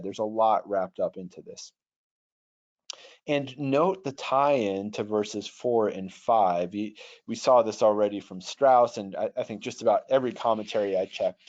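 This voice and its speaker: A man's voice: fairly low pitch, a little mellow. A man teaching Greek grammar in an online webinar, patient and thoughtful, often restarting his sentences. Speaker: online Bible software trainer. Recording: dull lo-fi webinar audio.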